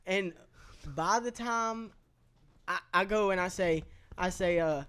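A young man excitedly telling a story among friends, halting and piling on details. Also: high-pitched, clean tone.

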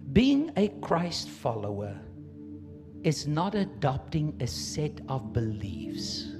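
A man preaching a sermon to his church, swinging from quiet asides to loud emphatic peaks. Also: on the high side, big pitch swings, slow, over music. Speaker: pastor.

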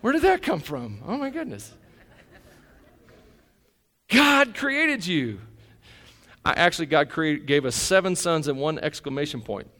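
A middle-aged man preaching a sermon, animated, swinging from shouting to hushed, quiet passages. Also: fairly high pitch. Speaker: pastor.

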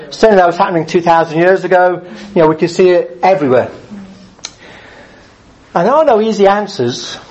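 A man delivers a sermon in an easygoing, conversational tone, sometimes acting out the people he describes. His voice sits a little high. The recording sounds dull and lo-fi. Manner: conversational, animated, acts out angry drivers. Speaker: preacher.

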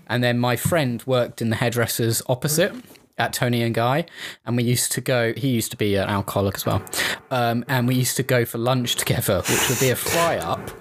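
A man's voice: mid-range voice, slight background noise. A man co-hosting a casual chat podcast, rambling through stories, laughing often and acting out what people said. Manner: rambling storyteller, laughs often, acts out quoted voices. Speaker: podcast co-host.

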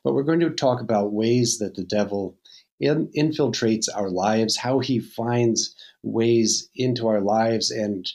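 A male priest opens and hosts a talk podcast in a fairly low voice. He speaks in a measured way, with a dry, sarcastic edge. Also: darkish tone. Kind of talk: podcast hosting, casual chat.

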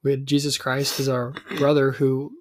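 A woman's voice: extremely low pitch, flat delivery, a little slow, no room sound, clean studio sound. A woman hosting a faith podcast, teasing and encouraging her younger sister as guest. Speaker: podcast host. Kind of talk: casual faith podcast chat.

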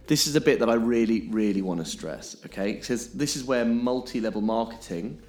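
A man's voice: medium pitch, a little fast, darkish tone. A man explaining things on a podcast in an emphatic way, often checking in with "okay?". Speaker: podcast co-host.

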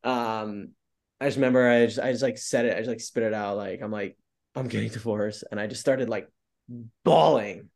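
A man's voice: on the low side, steady tone, fast talker, darkish tone. A man telling stories as a podcast guest, upbeat and open, often using "like" as filler. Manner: upbeat, open storyteller who leans on "like" a lot. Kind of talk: casual interview chat.

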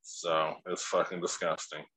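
A man's voice: low voice, little pitch movement, measured pace, bright, forceful tone, husky, no echo, low-quality recording. A man co-hosting a casual podcast, laid-back and rambling, swearing freely. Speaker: podcast co-host.

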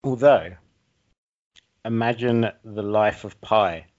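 A man's voice: fairly low pitch, takes it slowly, a little mellow, lo-fi sound. A man hosting a podcast, bantering in a dry, sceptical way and wrapping up the episode. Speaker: podcast host. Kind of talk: casual chat.

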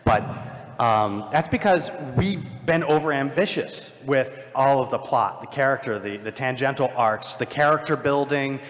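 A man's voice: medium pitch, moderate pace. A man speaking as a filmmaker on a live convention panel, joking and self-deprecating as he explains how films get cut. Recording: hall reverb from a live stage.

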